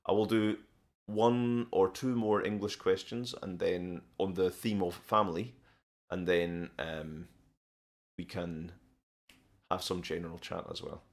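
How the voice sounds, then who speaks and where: A Scottish man chats on his live stream in a very deep voice. He answers viewers one by one, relaxed and unhurried, stopping often to restart his sentences. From Scotland. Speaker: live stream host teaching English and learning Korean. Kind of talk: casual live stream chat.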